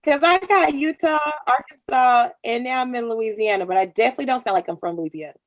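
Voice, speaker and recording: A woman's voice: fairly high pitch, fast. A woman co-hosting a podcast who makes emphatic points in casual chat.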